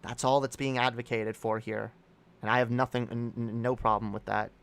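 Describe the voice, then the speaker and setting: A man hosting a casual livestream, talking in a rambling, halting way with many restarts and reading viewer comments aloud to react to them. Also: mid-range voice, flat delivery, creaky, fairly bright tone, clear, resonant tone. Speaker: streamer host.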